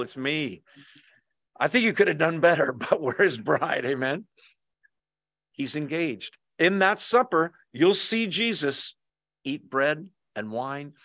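A man leads a Bible study in a relaxed, joking way, checking in with his listeners through quick questions. His voice sits a little high for a man. The sound is dry and close, with almost no room echo. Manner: conversational, jokey, asks the audience questions. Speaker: pastor. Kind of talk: casual Bible study teaching. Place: church hall, with Zoom viewers.

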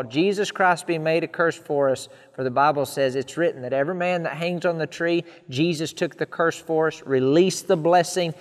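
A man's voice: fairly high pitch, long reverb tail. A man preaching a sermon in an earnest style, building emphatic repeated lists.

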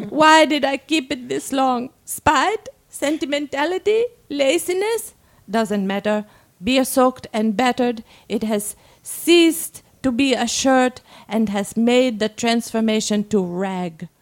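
A woman hosting a casual chat, playfully reading listener writing aloud with dramatic pauses. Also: high voice. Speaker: host reading listener submissions.

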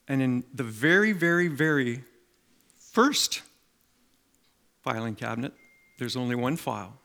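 A middle-aged man preaching a sermon, telling stories and making emphatic, animated appeals to the congregation. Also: mid-range voice, unhurried, vocal fry. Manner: animated storytelling with acted quotes and emphatic appeals.

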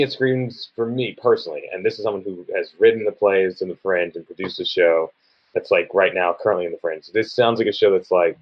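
Low-voiced man rambling in casual chat. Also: highs cut off. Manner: rambling, lots of "like". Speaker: playwright and producer.

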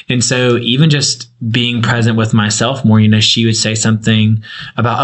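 A man's voice: medium pitch, flat delivery, normal speed, low-quality recording. A young man in his twenties sharing a personal story in a casual group chat, rambling with many fillers. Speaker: group member.

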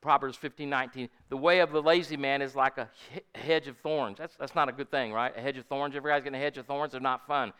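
A man's voice: mid-range voice, fairly even intonation, fast talker, hardly any pauses, fairly bright tone, clean tone. An older man preaching a sermon in a folksy, storytelling way, often asking his congregation "Amen?". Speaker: pastor.

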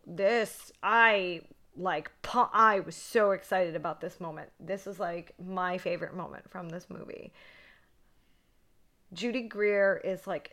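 A woman co-hosts a horror podcast and walks through a movie in loose, excitable chat. Her voice is bright and forward, and she swears freely and leans on "like" as she goes. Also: mid-range voice. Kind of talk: casual movie recap chat.

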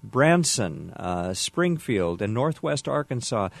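A man's voice: medium pitch, very animated, takes it slowly, creaky, no echo. A man hosting a radio interview, talking in an upbeat promotional way with frequent fillers. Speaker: radio host.

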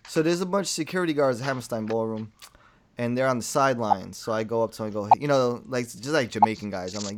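A man's voice: medium pitch, fast, noisy background. Profane New guy telling a story. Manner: animated, profane, acts out quotes. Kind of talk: casual storytelling chat.

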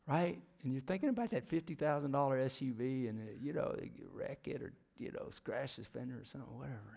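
A man's voice: medium pitch, quick pace, creaky, hardly any pauses, a little mellow, husky. A middle-aged man preaching a sermon. He questions the congregation and often drops to a near whisper. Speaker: preacher, former youth minister and missionary.

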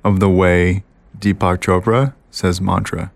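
A man with a lowish voice chats on a podcast, acting out little scenes and imitating other people's voices as he goes. He laughs often and hops between asides. The sound is dry and close, with no room echo. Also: unhurried, gravelly. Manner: animated storyteller, mimics voices and laughs often. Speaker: podcast co-host. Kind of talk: casual chat.

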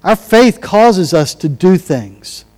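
A man's voice: high voice, very animated, takes it slowly, darkish tone, in a large hall, low-quality recording. A man preaching a sermon in a conversational way, acting out quotes as he goes. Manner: conversational, restarts and acted-out quotes. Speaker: pastor.

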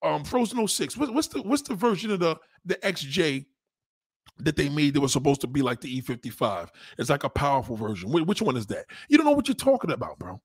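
A man's voice: brisk, slightly rough, no room sound, clean studio sound. A man on a live stream, mocking a viewer's comment in a heated, profane rant and repeating himself for emphasis. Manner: animated, pitch jumps up when indignant. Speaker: livestreamer reading viewer comments.

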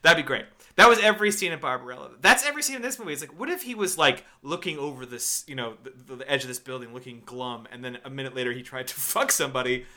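A podcast co-host in casual movie-review banter, sarcastic and exasperated. The voice is bright and forceful, with pitch that leaps around animatedly. The talk is loose, swearing, and full of mock quotes. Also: animated, fast talker, few pauses.

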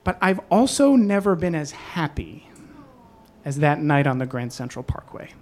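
A storyteller telling a personal story on stage, animated and acting out every quote. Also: mid-range voice, moderate pace.

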